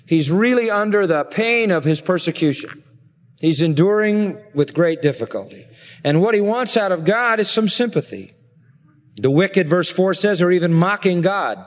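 A man's voice: high-pitched, lively intonation, moderate pace, long reverb tail. A man preaching a sermon, earnestly explaining and paraphrasing scripture. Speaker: pastor.

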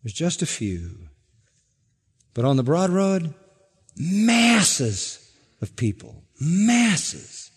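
Slow, emphatic male preacher. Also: big pitch swings, breathy edge. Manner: emphatic, repetitive, drops soft and low at line ends. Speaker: pastor. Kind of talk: sermon. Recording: long reverb of a hall.

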